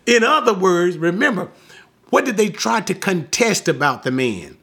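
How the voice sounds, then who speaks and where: A man's voice: high-pitched, very animated, normal speed, a bit bright. A man teaching the Bible verse by verse, emphatic and repetitive, stopping often to ask his listeners rhetorical questions. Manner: emphatic, repeats points, asks rhetorical questions.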